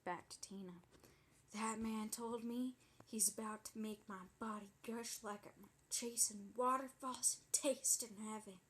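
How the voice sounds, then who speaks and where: Brief: sassy young woman voiced by a woman, gossipy and indignant, a touch high-pitched, comedy monologue. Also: steady tone, measured pace, a bit bright, slightly rough. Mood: dramatic gossip. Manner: breathless, indignant, gossipy storytelling. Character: sassy dramatic young woman telling a wild story.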